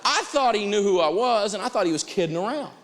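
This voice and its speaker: A man's voice: high voice, fast, in a large hall, a little hiss or hum. A man teaching personal finance to a live class, telling a story animatedly and acting out the dialogue. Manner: animated, acts out dialogue, chuckles.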